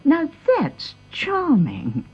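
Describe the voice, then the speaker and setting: A woman's voice: high-pitched, huge pitch swings, very slow, highs cut off, exaggerated voice. An actress playing an elderly aristocratic grandmother, refined and a little vague, in a radio drama. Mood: gushing. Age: older. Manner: refined upper-class, vague and gushing. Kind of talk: 1930s-set radio drama.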